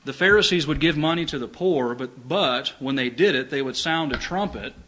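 A man's voice: fairly high pitch, normal speed, bright, forceful tone, low-quality recording. Earnest male preacher. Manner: earnest, emphatic preaching with scripture reading. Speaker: pastor. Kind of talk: sermon.

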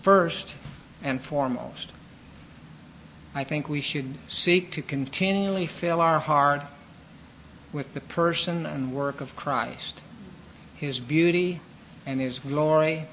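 A man preaching a sermon in an earnest, measured teaching manner, pausing with fillers and restarting phrases. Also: fairly high pitch, fairly bright tone, a little hiss or hum, poor audio.

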